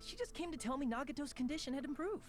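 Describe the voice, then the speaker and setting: A man's voice: very high voice, animated, fast talker. An actor voicing an earnest young male student investigator in a dubbed video game, speaking in a questioning way. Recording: game audio with background music.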